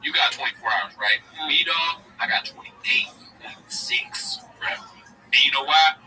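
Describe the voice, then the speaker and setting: A man's voice: on the high side, wildly swooping pitch, measured pace, far from the mic, very noisy. A man parodying a swaggering young male podcaster who brags in slangy bro talk. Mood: bragging. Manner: brash slangy bragging, calls listener bro.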